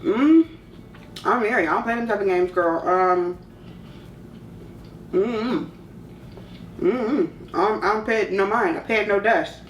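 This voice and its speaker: A woman's voice: medium pitch, measured pace, pauses often, roomy sound, distant mic, slight background noise, rough recording. A woman in her thirties from California, talking candidly and casually to camera in a slangy Q&A vlog. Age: 30s. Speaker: vlogger. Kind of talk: casual Q&A chat.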